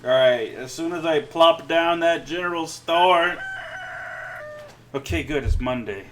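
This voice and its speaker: A man's voice: on the high side, unhurried, a little hiss or hum, poor audio. A man giving casual gameplay commentary, musing aloud to himself with dry little asides.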